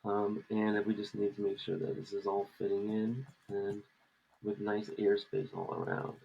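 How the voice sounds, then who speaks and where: A man's voice: fairly low pitch, lively intonation, moderate pace, vocal fry, dull audio, slight background noise. A man co-hosting a podcast, chatting casually while lettering a comic page. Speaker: comic artist and podcast co-host.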